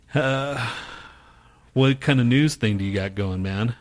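A man co-hosting a podcast, chatting casually and swearing a lot while telling a story and acting out quotes. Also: mid-range voice. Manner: swears constantly, acts out quotes with laughs. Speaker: podcast co-host. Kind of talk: casual profane chat.

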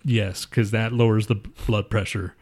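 A man's voice: fairly low pitch, normal speed, breathy edge. A man on a podcast rambling through a crude, profane story in casual chat. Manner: rambling, profane, animated retelling. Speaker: podcast co-host.

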